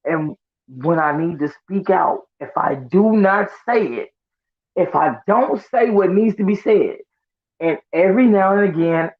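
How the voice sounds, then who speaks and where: A man telling an animated, profane story about speaking his mind, on a live online audio chat. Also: high voice. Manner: loud, profane, acts out voices. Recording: tinny phone-line audio.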